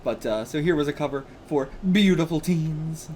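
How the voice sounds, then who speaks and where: A man's voice: a little high, normal speed, darkish tone, a little hiss or hum. A man hosting a manga reaction video, talking in a chatty, casual way, laughing often and filling his talk with "like" and "you know".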